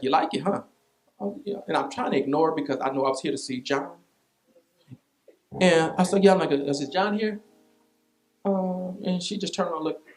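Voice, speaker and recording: A pastor delivers a sermon built around a personal story, animated and repetitive, with vernacular asides. His voice is high-pitched.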